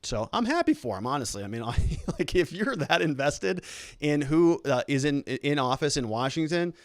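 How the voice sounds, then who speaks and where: A man hosts a legal and political commentary show, talking casually with a sarcastic edge and mocking quoted reactions in put-on voices. His voice is on the high side, with big pitch swings at a moderate pace, in clean, echo-free studio sound.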